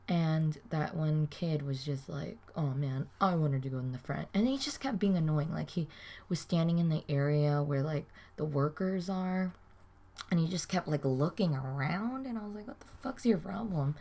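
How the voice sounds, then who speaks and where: A woman's voice: deep voice, warm tone. A young woman, telling a rambling, swear-filled weekend story in a casual vlog, full of "like"s. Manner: rambling, swears a lot, many "like"s. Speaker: vlogger.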